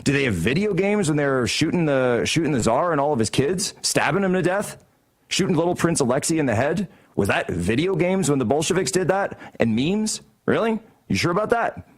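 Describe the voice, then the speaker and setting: A man's voice: on the high side, sing-song, fairly quick. Combative sarcastic male talk show host. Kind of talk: heated political commentary. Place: broadcast studio.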